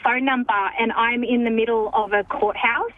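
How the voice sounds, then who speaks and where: A woman calling in to a radio show, telling her story in a giggly, animated way over a phone line. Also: a little high, moderate pace. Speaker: caller. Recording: phone line with faint hiss.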